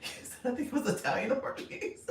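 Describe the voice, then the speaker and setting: A woman hosting a casual livestream, chatting with viewers, reading out their comments and laughing often. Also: quick pace. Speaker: livestream host and coach. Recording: echoey room, distant mic.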